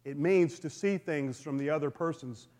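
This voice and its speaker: A man with a high-pitched voice delivers a sermon in a church sanctuary, retelling the story earnestly and often stumbling and restarting his phrases. His voice rings with the long reverb of a large hall. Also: moderate pace, darkish tone. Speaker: preacher.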